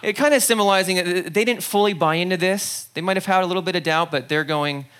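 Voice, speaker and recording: A pastor preaching a sermon in a conversational, animated way, acting out scenes and checking in with the listeners. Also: medium pitch, fast talker. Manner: animated storyteller, acts out scenes; conversational, frequent "okay?" asides.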